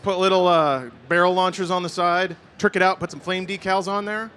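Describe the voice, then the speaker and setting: A man co-hosting a live convention stream, bantering and joking quickly. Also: high voice, fairly even intonation, a bit bright, clear, resonant tone. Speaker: co-host. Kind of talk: casual live event chat.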